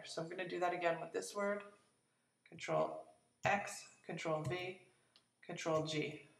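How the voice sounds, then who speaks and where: A woman teacher walking a class through a lesson step by step, relaxed and explanatory, with frequent ums and uhs. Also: lowish voice, gravelly. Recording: echoey room, voice from a distance.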